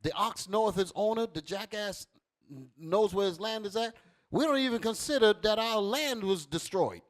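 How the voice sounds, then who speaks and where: A fiery male preacher with a fairly high voice that leaps all over the place. He commands a reader to read and then drives each verse home, dropping low and quiet, then rising loud and high. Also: expressive, moderate pace. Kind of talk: street sermon with scripture reading.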